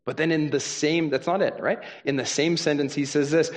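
A man's voice: fairly high pitch, steady tone, brisk, few pauses. A young adult man preaching a sermon as a pastor, talking in a conversational, earnest way with frequent "right?" asides.

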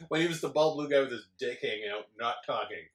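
A man's voice: mid-range voice, fast. A man co-hosting a podcast, making blunt opinions and dry quips in casual movie talk. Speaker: podcast co-host. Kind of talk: casual movie review chat. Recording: echoey room with faint noise.

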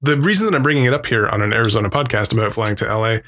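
Fairly low in pitch but bright in tone, this man speaks very fast and animatedly as he co-hosts a podcast. He rambles through casual stories, imitating the people he quotes and laughing often along the way.

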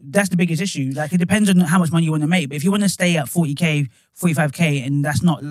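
A man's voice: on the high side, fast, dry recording. A man, a social worker talking frankly and animatedly in casual conversation. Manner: frank, animated, slips into mock-stern voices when quoting himself.

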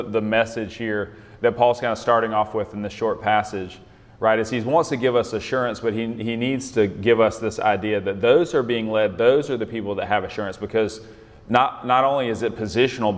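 A man's voice: lowish voice, long reverb tail. A man leading a group Bible study, talking conversationally, restarting phrases and often checking in with "right?". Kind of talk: teaching a group discussion.

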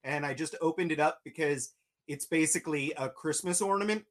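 A man's voice: fairly high pitch, fairly quick. A man on a show, chatting casually and easygoing about a collectible and a giveaway. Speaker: show co-host.

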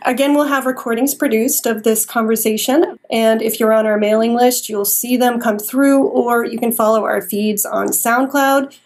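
A woman's voice: on the high side, steady tone, moderate pace, hardly any pauses. Gracious woman closing a talk program. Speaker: program host. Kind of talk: scripted closing remarks.

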